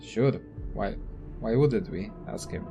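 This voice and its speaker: A man's voice: fairly low pitch, takes it slowly, warm tone, soft background music. A young man casually commenting on a video game and reading its text aloud, offhand and profane. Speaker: let's play gamer.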